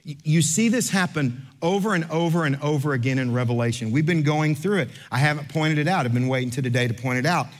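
A middle-aged pastor delivering a sermon in a fairly high voice. He moves from a brisk, animated anecdote full of mimicked voices to slow, weighty reading of scripture. His tone stays conversational and direct with the congregation. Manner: animated storyteller, acts out other voices, then slows for scripture. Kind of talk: sermon with storytelling.

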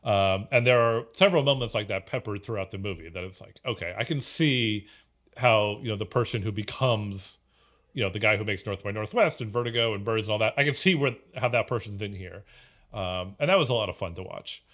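A man's voice: on the low side, brisk, fairly bright tone. A man co-hosting a casual film podcast, rambling with many fillers and restarts. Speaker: podcast co-host.

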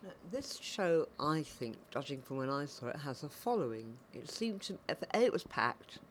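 A woman's voice: low-pitched, very animated, normal speed. A woman hosting a podcast, chatty and meandering, often restarting her questions. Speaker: podcast host. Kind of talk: interviewing a guest. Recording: faint background noise.

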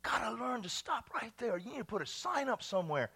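Male pastor, middle-aged, high bright voice, exuberant preacher who goes from shouts to hushes. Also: big pitch swings, fairly quick, creaky, slightly rough. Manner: exuberant, swings from shouts to hushed tones, laughing. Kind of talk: sermon.

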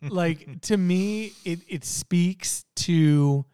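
Slow, clear-voiced man chatting. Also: high voice, warm tone. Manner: hesitant, thinks aloud with many fillers. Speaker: podcast co-host. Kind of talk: casual TV discussion.

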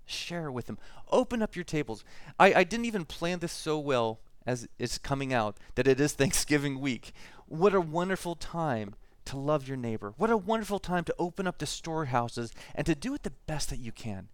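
A man's voice: fairly high pitch, sing-song, normal speed, hardly any pauses, clear, resonant tone, dry recording. A male pastor preaching a sermon, reading prayer and scripture aloud in an earnest way, with frequent restarts.

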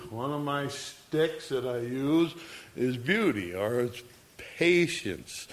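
A man preaching a sermon, reading scripture and acting out the people in the story with emphasis. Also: mid-range voice. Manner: slow, emphatic, acts out quoted voices.

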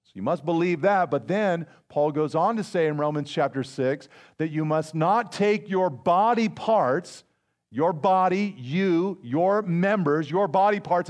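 Higher-voiced pastor preaching conversationally. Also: male voice, lively intonation, measured pace. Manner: conversational preaching with personal stories and repeated phrases. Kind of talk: sermon.

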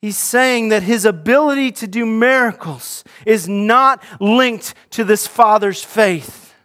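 A male pastor delivers a sermon in a high voice for a man. He speaks earnestly and directly, often repeating a word or restarting a phrase before pressing on. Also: slow, bright, forceful tone.

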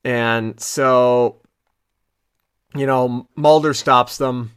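A man's voice: medium pitch, fairly even intonation, extremely slow, a bit bright, clean tone, dry recording, studio quality. A man co-hosting a podcast, recapping an episode in loose, rambling casual chat full of fillers and restarts. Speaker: podcast co-host.

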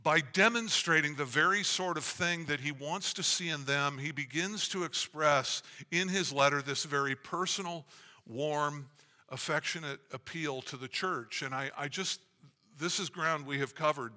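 A man preaching with an earnest, measured delivery, his fairly high voice sharp and forceful. He often restarts his phrases as he builds his point. A long reverb from the church hall trails after each line. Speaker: pastor. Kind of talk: sermon. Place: church sanctuary.

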